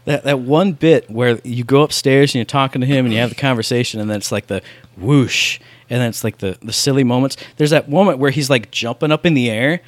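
A man's voice: medium pitch, fairly quick, no echo. A man rambling in casual chat about video games, with lots of filler words.

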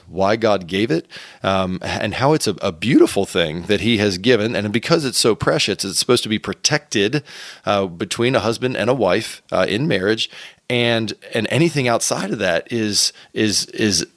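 A man with a fairly low voice answers as a pastor and guest in earnest, gentle tones. He often stops and restarts mid-phrase as he works through his thoughts. The sound is close and dry, with no room around it. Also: dry recording. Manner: earnest, gentle, with frequent restarts and repeated words. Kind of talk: conversational interview answers.

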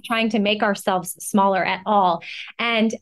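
A woman's voice: mid-range voice, steady tone, a little slow. A woman hosting a podcast, introducing her guest and asking questions with friendly enthusiasm. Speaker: podcast host. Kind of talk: podcast interview.

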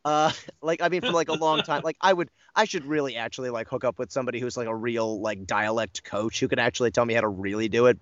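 A man's voice: medium pitch, fast, hardly any pauses, a bit bright, no echo, highs cut off. A man who voices cartoon characters, chatting casually in an interview, rambling, joking about himself and swearing now and then. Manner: rambling, self-deprecating, jokey, swears. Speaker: voice actor guest.

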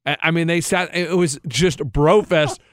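A man co-hosting a casual podcast, retelling an overheard conversation and dropping his voice to mimic the people in it. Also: unhurried. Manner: retells overheard talk with lowered-voice impressions. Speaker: podcast co-host. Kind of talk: casual chat, storytelling.

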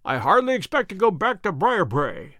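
Man voicing a cool sharp detective, measured and bossy, kinda high lively voice. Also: no echo, heavily acted. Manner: measured, authoritative. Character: sharp, commanding male detective, calm and cryptic.

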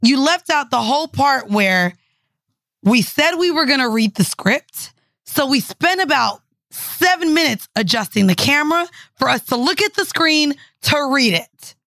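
Bright high-voiced woman co-host. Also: measured pace, dry recording, studio quality. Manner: teasing, lively, swears freely. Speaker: podcast co-host. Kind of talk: casual podcast banter.

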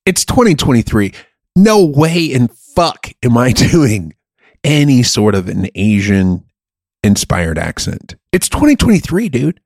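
A man's voice: mid-range voice, sing-song, slow, a little mellow, dry recording, studio quality. A man co-hosting a podcast in casual comedic chat, joking, swearing and laughing often. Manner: joking, profane, laughs a lot. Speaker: podcast co-host.

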